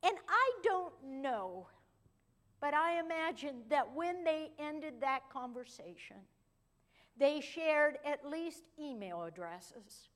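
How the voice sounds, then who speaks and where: A woman preaches from the pulpit in a high, light voice. She takes her time, telling the story slowly and letting her voice drop soft for emphasis. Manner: storytelling, slows and softens for emphasis. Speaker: pastor. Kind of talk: sermon.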